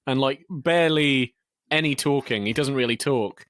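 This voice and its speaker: A man's voice: medium pitch, normal speed, a bit bright, no echo, studio quality. A man co-hosting a film podcast, talking hesitantly with many fillers and agreeable asides. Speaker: podcast co-host. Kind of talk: casual film review chat.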